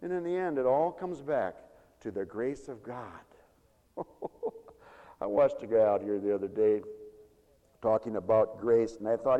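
A man preaching a sermon with animated, folksy storytelling. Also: lowish voice, a little slow, pauses often, long reverb tail, dull audio.

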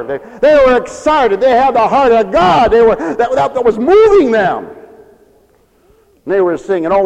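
A man preaching a storytelling sermon with animated, emphatic delivery. His voice sits very high. A long hall reverb hangs after each phrase.

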